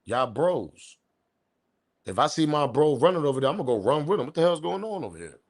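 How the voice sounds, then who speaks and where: A man's voice: on the high side, sing-song, a little fast. A man hosting a live-stream commentary show, talking in incredulous, argumentative street slang. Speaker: commentary channel host.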